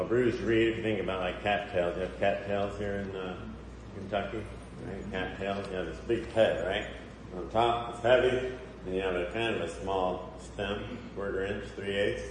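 A man's voice: fairly low pitch, a little mellow, slight background noise. A man giving a conversational sermon in a church hall, often putting questions to the congregation. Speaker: preacher. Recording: echoey hall, faint ambience.

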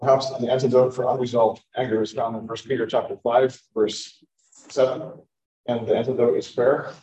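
A man teaching a sermon as a pastor, in a measured, halting way. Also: mid-range voice, steady tone, warm tone, a little hiss or hum. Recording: roomy, distant, dull recording.

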